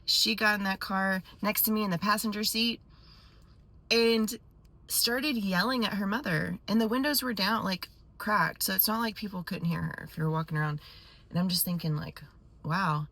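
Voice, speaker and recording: A woman vlogger telling a story to her viewers in a casual, animated way with quick asides. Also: mid-range voice.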